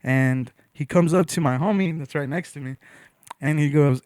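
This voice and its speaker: A man's voice: fairly high pitch, fairly even intonation, moderate pace, darkish tone, no echo, clean studio sound. A young man, a podcast guest, telling a rambling story in casual slang, with "bro" and "you know" in nearly every line.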